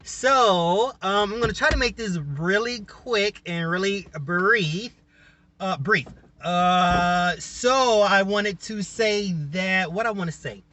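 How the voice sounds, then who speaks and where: Male vlogger with a Southern US accent, chatty and meandering, talking on his work break; bright, edgy tone. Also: sits high, slow, a little hiss or hum. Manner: rambling, chatty, restarts and repeats himself. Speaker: YouTube channel host. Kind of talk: casual vlog talk.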